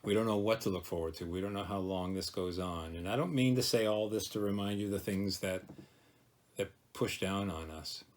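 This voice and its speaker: A male pastor giving a daily devotion, gentle and reflective, slowing to dwell on each word of a verse. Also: low voice. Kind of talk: devotional talk.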